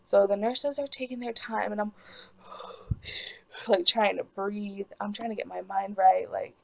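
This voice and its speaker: A woman's voice: mid-range voice, steady tone, moderate pace, gravelly, rough recording. A young woman telling a personal story in a vlog, rambling and emotional, with lots of "like". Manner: rambling, emotional, heavy use of "like". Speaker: vlogger.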